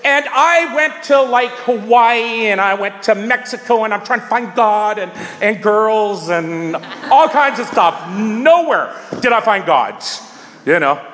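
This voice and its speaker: A man's voice: high voice, expressive, a little slow, a bit bright, long reverb tail. A man sharing his story at a recovery meeting, talking in an emphatic, repetitive, preaching way. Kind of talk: sharing at a twelve-step meeting.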